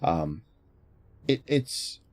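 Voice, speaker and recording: Rambling low-voiced man chatting. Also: big pitch swings, drawn-out words, a little mellow, no echo. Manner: rambling, with many fillers and restarts. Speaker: streamer. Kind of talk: casual chat.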